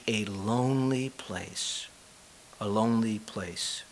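A male pastor preaching a sermon in a church, earnest and unhurried, with pauses and repeated phrases. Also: mid-range voice, fairly bright tone, poor audio.

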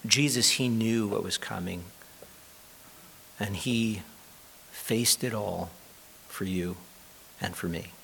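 Earnest preaching man, lowish voice. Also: creaky, a bit bright, slight background noise, low-quality recording. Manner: earnest preaching with pauses and repeated phrases. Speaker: pastor. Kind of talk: sermon.

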